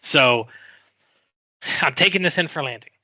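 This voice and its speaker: A middle-aged man telling a story in a podcast chat, animated and quick to act out what people said. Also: a little high, no echo. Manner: animated storyteller, acts out quoted voices. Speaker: guest.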